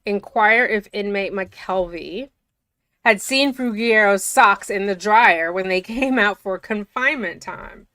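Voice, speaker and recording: A woman reads documents aloud and keeps breaking off into chatty, incredulous remarks. Her voice is bright and a little tense, sitting in the middle of the female range. The recording is close and dry. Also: mid-range voice, measured pace, dry recording. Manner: chatty, incredulous, often laughing. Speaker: commentator. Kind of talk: reading documents aloud with casual commentary.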